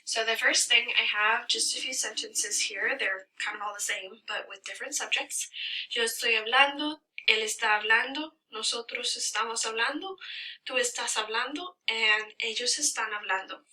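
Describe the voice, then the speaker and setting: A woman's voice: fairly high pitch, moderate pace, sharp tone, recorded from a distance, rough recording. A woman teacher giving a recorded lesson, explaining patiently and stressing the key words. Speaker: Spanish teacher.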